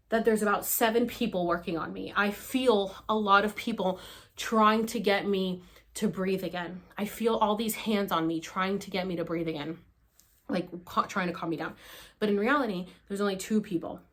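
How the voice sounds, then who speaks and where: A woman vlogger telling a story to camera in a casual, animated way, swearing freely and acting out her own cries and gasps. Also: medium pitch, normal speed.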